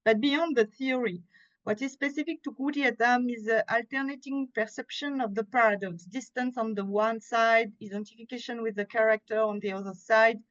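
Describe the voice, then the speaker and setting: A woman with a French accent, reading an academic paper aloud at a conference in a careful, measured way, pausing now and then to correct a slip. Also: a little high, fairly even intonation, a bit bright. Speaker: conference speaker. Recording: muffled, lo-fi conference audio.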